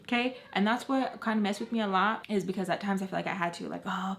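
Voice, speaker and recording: A woman's voice: mid-range voice, fast, a little hiss or hum. A young adult woman telling a personal story on her vlog, casual and profane, with constant filler words and emphatic asides. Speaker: storytime vlogger.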